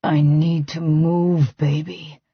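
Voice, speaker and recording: A young male lover groans his words out low and strained, urgent and tight, as a woman narrator puts him on. The delivery is slow, and the recording is dry with a muffled, dull tone. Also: little pitch movement, vocal fry, breathy edge, no room sound, heavily acted. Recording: dull, slightly lo-fi studio sound.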